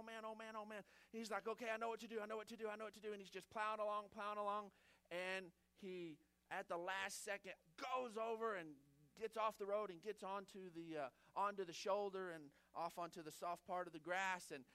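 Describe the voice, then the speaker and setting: A middle-aged male pastor preaching with a high, bright-toned voice in a chatty storytelling manner. He breaks into self-amused asides as he talks. The sound is dry and close, with little room echo. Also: clear, resonant tone. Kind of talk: sermon. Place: church.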